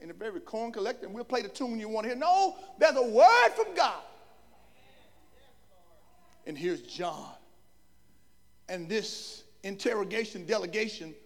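Gravelly high-voiced shouting preacher man. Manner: emphatic, bursts into shouting. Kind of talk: sermon. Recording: long hall reverb.

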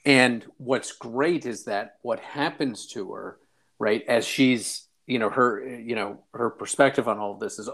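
A man co-hosting a book podcast, talking in a casual, halting way with many fillers and repeated words. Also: mid-range voice, gravelly, a bit bright. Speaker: podcast co-host.

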